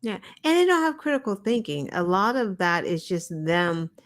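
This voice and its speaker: A woman co-hosting a podcast, telling stories in a lively, animated way with swearing. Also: medium pitch, moderate pace. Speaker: podcast co-host. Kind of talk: casual chat.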